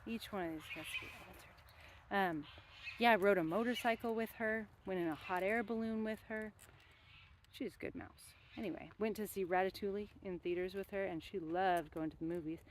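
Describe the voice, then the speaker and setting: A young woman chats her way through a long story with plenty of "um"s and asides. She talks while working on a fence outdoors, her pitch sitting in a middle range. Faint outdoor noise runs behind her. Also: brisk. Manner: rambling, chatty, with many fillers and asides. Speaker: vlogger telling stories.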